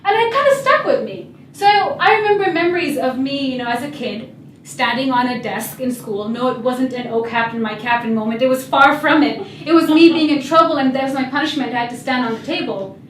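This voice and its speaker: A young woman in a storytelling talk speaks with a high, bright-pitched voice and a humorous, lively delivery. She sounds set back from the mic in an echoey hall, with faint room ambience behind her. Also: fairly quick, far from the mic, slight background noise. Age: young adult. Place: event hall.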